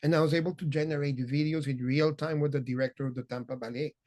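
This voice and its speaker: A man's voice: a little high, fairly even intonation, fast, a little mellow. A man presenting a teaching session to art teachers, talking with enthusiasm and effusive praise. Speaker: workshop presenter.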